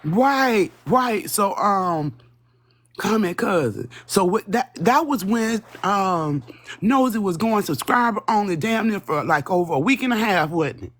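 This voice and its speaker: A woman with a husky, slightly breathy voice hosts a live stream from her phone. She rambles loosely and swears freely. She talks straight to her chat in a mid-pitched voice. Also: animated, unhurried.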